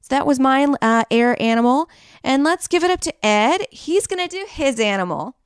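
Bright-voiced woman co-hosting a casual chat. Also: high voice, animated, normal speed, smooth, no echo, clean studio sound. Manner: rambling, laughing, swearing casually. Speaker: podcast co-host.

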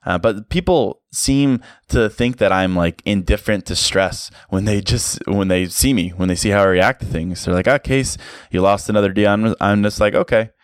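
Guy with a really low voice doing a chill solo podcast, lots of "like"s, dry close sound. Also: normal speed, hardly any pauses, no room sound. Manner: casual and reflective, many "like" fillers, light laughs. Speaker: podcast host. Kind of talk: solo motivational podcast talk.

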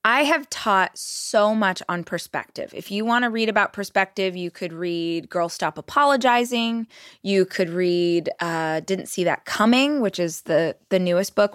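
A woman's voice: mid-range voice, measured pace, no echo, clean studio sound. A woman hosting a motivational podcast, talking directly and encouragingly to her listener. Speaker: podcast host.

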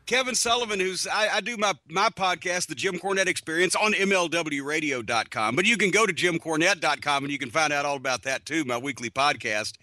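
A man's voice: on the high side, brisk, hardly any pauses, sharp tone, dry recording. A man on a podcast as a guest, telling rambling sarcastic stories over a video call. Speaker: podcast guest, wrestling personality. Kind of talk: casual podcast interview.

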